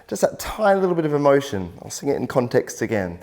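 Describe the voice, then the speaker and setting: A man teaching singing in a video workshop, explaining clearly and encouragingly, step by step. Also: medium pitch, big pitch swings, fast talker, hardly any pauses, darkish tone. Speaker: vocal coach.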